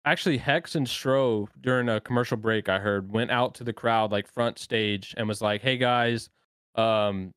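A man co-hosting an esports podcast, blunt and quick to chime in, swearing casually. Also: lowish voice, steady tone, fairly bright tone, clean tone, dry recording, clean studio sound. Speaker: podcast co-host.

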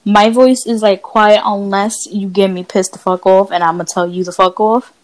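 A woman's voice: medium pitch, fairly even intonation, normal speed. A woman co-hosting a casual podcast, telling stories in a blunt, profane way. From Dominican family. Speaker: podcast co-host. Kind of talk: casual chat.

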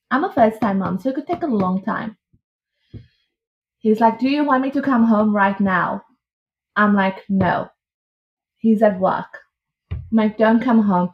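A woman's voice: mid-range voice, measured pace, long pauses, dull audio. Chatty woman telling a story. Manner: lively, chatty retelling with quoted dialogue. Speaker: podcast guest. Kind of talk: casual storytelling.

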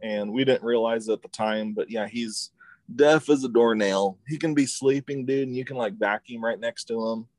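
A relaxed man in casual chat who often says "dude" and "like.". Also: medium pitch, normal speed, no room sound.

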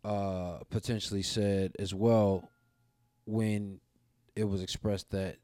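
A man's voice: fairly low pitch, takes it slowly, no room sound, studio quality. Candid man from the American South. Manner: candid, animated storyteller who acts out quoted dialogue. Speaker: podcast co-host. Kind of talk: casual chat.

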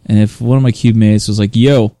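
Young man with a mellow voice. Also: on the low side, steady tone, a little fast, dry recording, studio quality. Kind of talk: casual chat.

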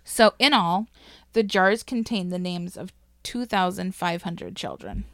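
Swearing, animated woman telling a story. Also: fairly low pitch, measured pace, no room sound, studio quality. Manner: swears freely, laughs, emotional and animated. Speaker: podcast host telling a history story. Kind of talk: casual storytelling chat.

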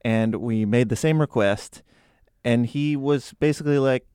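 A man's voice: medium pitch, unhurried, mellow, smooth, no room sound, studio quality. A man co-hosting a comic podcast, wry and playful. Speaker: podcast co-host.

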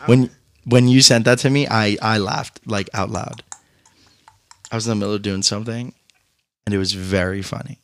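A man's voice: lowish voice, steady tone, moderate pace, vocal fry, long pauses, a bit bright. A young man co-hosting a podcast, teasing his co-host and laughing in casual chat. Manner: teasing, laughing, calls her girl.

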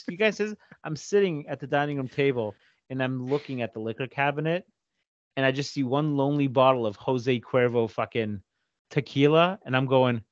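A man co-hosting a podcast, telling stories in profane, animated casual chat and slipping into quick impressions. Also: mid-range voice, no echo, muffled recording. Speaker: podcast co-host.

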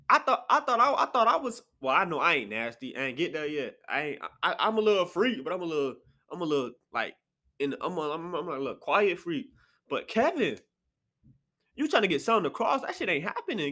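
A man talking casually on his own podcast from an apartment, with a bright, fairly high voice. His pitch swings widely, leaping into sharp outbursts and sinking into quiet mutters. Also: moderate pace. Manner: animated, jumps into sharp high outbursts then drops to low mutters. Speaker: podcast host. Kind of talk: casual solo podcast chat. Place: apartment room.

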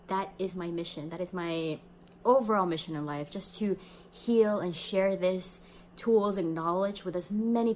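A woman's voice: medium pitch, darkish tone. Young female podcast host, chatty storyteller, laughs easily, faint noise behind her. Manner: chatty, laughs often, acts out quoted voices. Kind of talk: personal storytelling.

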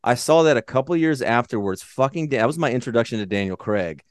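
A man's voice: mid-range voice, dry recording, studio quality. A man co-hosting a podcast, chatting casually and profanely as he recaps a movie, laughing often. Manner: profane, excitable, quick asides, laughs a lot. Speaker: podcast co-host.

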